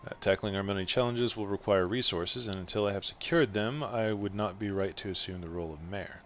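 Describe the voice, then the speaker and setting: A man voicing an earnest middle-aged male game character, a would-be mayor, speaking in a measured, formal, modest way with a faint put-on Scottish lilt. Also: fairly low pitch, a bit bright, faint music behind, lightly acted.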